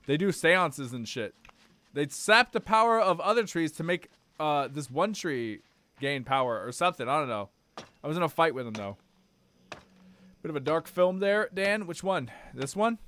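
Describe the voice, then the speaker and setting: A young man streaming a game live, swearing and reacting loudly to what happens on screen. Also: on the high side.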